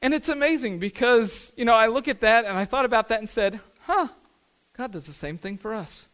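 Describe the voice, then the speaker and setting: A man, a pastor, preaching a sermon with emphatic repeated phrases, moving between hushed and loud delivery. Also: very high-pitched, lively intonation, fairly quick, clear, resonant tone.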